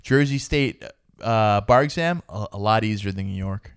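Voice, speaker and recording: A man co-hosts a comedy podcast, chatting casually, laughing often between jokes and putting on brash voices for bits. His lowish voice is smooth and goes at a normal speed, recorded clean with no room sound.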